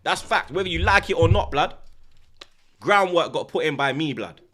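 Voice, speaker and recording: A man, a football streamer talking in a loud, swaggering rant full of repeated slang tags. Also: a little high, animated, normal speed. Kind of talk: casual boastful rant.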